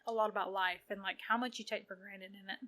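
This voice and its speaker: A young woman co-hosts a casual book podcast with a bright, clear voice. She retells scenes in an animated, chatty way, full of fillers. The talk is relaxed and conversational. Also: medium pitch, fast talker. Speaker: podcast co-host. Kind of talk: casual book-review chat.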